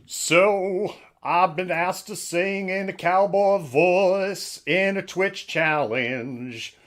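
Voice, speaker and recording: A man doing a slow sing-song cowboy drawl. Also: high voice, fairly bright tone, heavily acted. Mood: playful. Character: singing drawling male cowboy. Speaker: co-host. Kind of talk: sung cowboy voice for a challenge.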